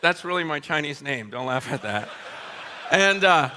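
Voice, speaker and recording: A man preaching a humorous sermon story, animated and laughing often, speaking straight to his audience. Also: on the high side, moderate pace, a little hiss or hum. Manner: addresses the audience directly.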